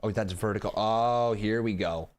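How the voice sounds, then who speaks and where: A man hosting a live wrestling watch-along, chatting excitably with his chat and swearing freely. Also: lowish voice, normal speed. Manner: excitable, profane, chatty, talks straight to chat. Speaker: live-stream host reacting to wrestling. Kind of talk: casual watch-along commentary and chat banter.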